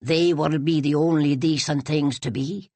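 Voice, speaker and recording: A woman voicing a proud, formal old widow who speaks in slow, measured sentences in an audiobook. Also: deep voice, steady tone, warm tone, dry recording. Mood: dignified.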